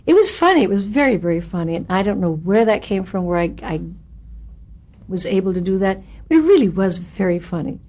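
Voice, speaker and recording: An expressive woman being interviewed, recounting her acting stories with lively energy. She slips into the voices of the people she quotes, and her voice sits at a mid pitch. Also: a little fast. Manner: animated, expressive storyteller who acts out quotes. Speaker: actress interviewee.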